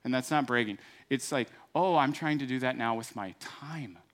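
A man's voice: medium pitch, normal speed, fairly bright tone. A middle-aged man preaching a sermon in an earnest, conversational way, then moving into a fervent prayer. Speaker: pastor.

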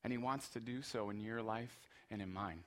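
A man's voice: on the low side, moderate pace, fairly bright tone. A man preaching a sermon as pastor, earnest and emphatic, repeating phrases for rhythm.

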